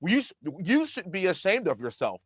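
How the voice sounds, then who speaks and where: A man's voice: sits high, huge pitch swings, moderate pace, a bit bright, breathy edge, dry recording. A man speaking as a congressman guest in a political interview, emphatic and impassioned. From United States.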